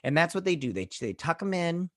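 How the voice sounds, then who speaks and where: A man's voice: fairly high pitch, sing-song, a little fast. Chatty man rambling through a show recap. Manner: rambling and chatty, with many fillers and restarts; heartfelt, saying he feels choked up. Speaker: host of a TV review channel. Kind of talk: casual recap and review.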